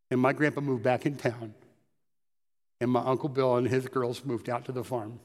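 A pastor telling personal stories in a conversational sermon. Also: male voice, mid-range voice, level tone, moderate pace, long reverb tail. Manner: storytelling, conversational.

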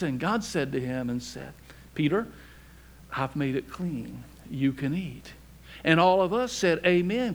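Older guy preaching, kinda high voice, folksy and jokey, goes hushed for emphasis. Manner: dynamic delivery, drops to a hushed near-whisper for emphasis; folksy and humorous. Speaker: pastor. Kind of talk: sermon.

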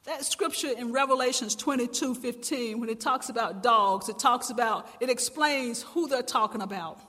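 Woman pastor, high bright voice, fervent sermon delivery, long church-hall reverb. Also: moderate pace, breathy edge. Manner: impassioned, swelling to loud emphatic cries. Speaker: preacher.

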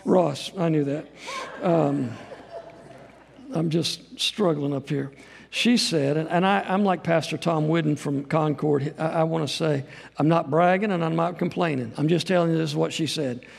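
In a church sanctuary with long, echoing reverb, a middle-aged missionary serving as guest preacher gives a folksy, meandering sermon. His gravelly voice sits fairly high and keeps a moderate pace, and he pokes fun at himself along the way.

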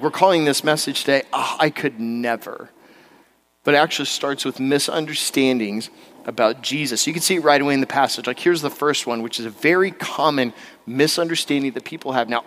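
A middle-aged male pastor preaching a sermon, animated, acting out other people's voices and jumping high in pitch when excited.

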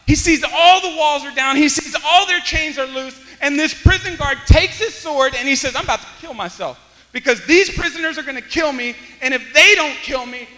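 A pastor preaching a sermon, swinging from loud exclamations to hushed near-whispers. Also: male voice, extremely high pitch, long reverb tail, low-quality recording.

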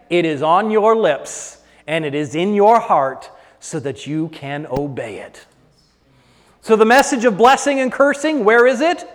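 A male pastor preaching a sermon, swinging between hushed lines and loud, drawn-out ones. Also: high voice, sing-song, long reverb tail.

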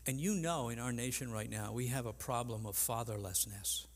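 An older man preaching a sermon as pastor, earnest and halting, with frequent restarts. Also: medium pitch. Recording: long reverb in a large hall.

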